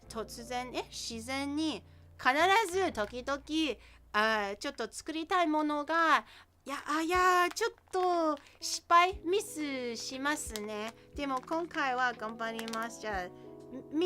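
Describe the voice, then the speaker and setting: A woman's voice: sits high, bright, forceful tone. A woman chatting casually, hesitant and searching for her words. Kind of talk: casual chat.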